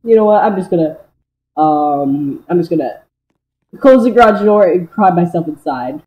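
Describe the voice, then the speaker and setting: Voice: mid-range voice, animated, normal speed, echoey room, dull audio. A young creator voicing a homemade cartoon, talking in a rambling, hesitant way with many fillers. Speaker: creator voicing all characters. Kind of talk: amateur cartoon voice-over.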